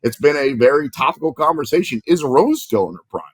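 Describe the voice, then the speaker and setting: A man hosting a sports podcast, moving briskly from topic to topic. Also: fairly high pitch, expressive, no room sound. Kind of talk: casual sports talk.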